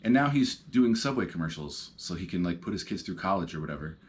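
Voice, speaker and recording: A man's voice: low-pitched, lively intonation, fast. A man in his thirties hosting a podcast, talking casually and reflectively from his couch at home, rambling with plenty of ums and uhs. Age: 30s. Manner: rambling, reflective, lots of fillers. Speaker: podcast host. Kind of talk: casual solo talk.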